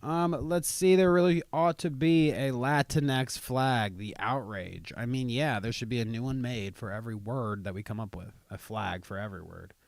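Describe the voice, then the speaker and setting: A man's voice: medium pitch, moderate pace, vocal fry, few pauses, no echo. A young man hosting a casual livestream podcast, ranting sarcastically with lots of swearing. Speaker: podcast host.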